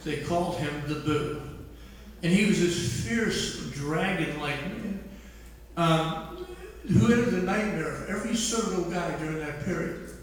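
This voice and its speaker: An older man, an author telling self-mocking stories to an audience in a large hall. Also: fairly high pitch. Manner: anecdotal, self-mocking, drawn-out delivery. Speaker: author speaking at an event. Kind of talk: humorous storytelling talk. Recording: echoey hall, distant mic, faint noise.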